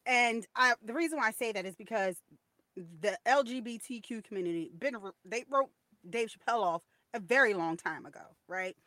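A woman's voice: fairly high pitch, animated, normal speed, sharp tone, no room sound. A woman co-hosting a podcast, chatting casually and sharing opinions in a storytelling way. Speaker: podcast co-host. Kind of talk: casual chat.

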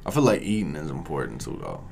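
A man's voice: extremely low pitch, very animated, quick pace, creaky, darkish tone, a little hiss or hum. A man hosting a podcast, asking a guest laid-back questions and dropping short teasing replies. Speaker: podcast host. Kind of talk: casual podcast chat.

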